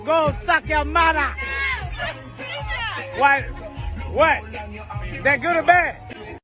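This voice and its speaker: A man playing a clip of a comedian's loud, teasing impression of a man. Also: drawn-out words, a loud crowd, full character voice. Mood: rowdy teasing. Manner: shouting, teasing, high-pitched. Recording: music playing loudly behind.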